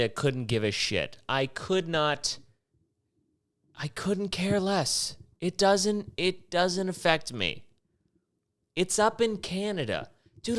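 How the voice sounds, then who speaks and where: A man's voice: mid-range voice, a bit bright, smooth. Profane, rambling male podcast host. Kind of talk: casual rambling rant.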